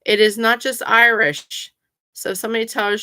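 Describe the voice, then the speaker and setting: A woman's voice: a little high, fairly even intonation, normal speed, bright, forceful tone, no echo, clean studio sound. A woman explains things in a casual, chatty way, with plenty of fillers. She grows emphatic and insistent when she corrects people. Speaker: pagan vlogger.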